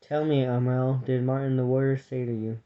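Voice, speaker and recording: A man voicing a kindly elderly male abbot who speaks gently and patiently, on a dull lo-fi recording. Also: medium pitch, little pitch movement, normal speed, natural voice. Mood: gentle. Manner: gentle, patient and soft-spoken.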